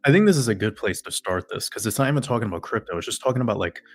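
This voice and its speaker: A man's voice: fairly low pitch, lively intonation, very fast, soft background music. A man host ranting in profane, sarcastic casual talk to a live chat audience. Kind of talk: casual rant to a livestream chat.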